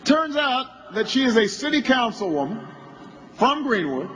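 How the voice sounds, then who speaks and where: A man, a politician, giving a campaign rally speech as an anecdote that builds toward shouting. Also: extremely high pitch, sing-song, measured pace, slight background noise, low-quality recording.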